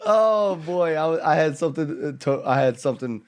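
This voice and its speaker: A man's voice: fairly high pitch, animated, moderate pace. A man playing a tabletop game, chatting in an easygoing way with hesitant restarts. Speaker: player. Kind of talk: casual chat at a game table.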